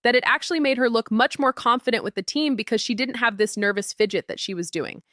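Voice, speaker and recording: A woman giving a motivational talk on confident communication, lively and acting out the quotes in her stories. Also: mid-range voice, no echo, clean studio sound. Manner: animated, acts out quotes and stories.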